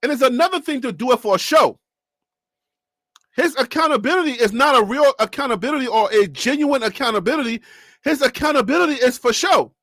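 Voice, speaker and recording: A man hosting a live sports reaction stream, animated and joking as he talks. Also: extremely high pitch, brisk, no room sound, studio quality. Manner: animated, joking, repeats himself.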